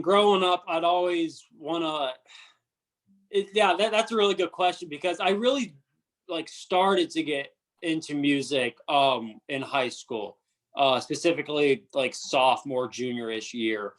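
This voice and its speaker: A young man, a country singer, chatting casually as an interview guest, hesitant and full of fillers and restarts. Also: a little high.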